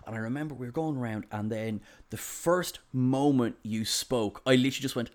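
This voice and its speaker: A man's voice: medium pitch, a little fast, few pauses, a little hiss or hum. A man with an Irish accent hosting a podcast, talking in an effusive, enthusiastic way. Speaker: podcast host. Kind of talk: casual podcast chat.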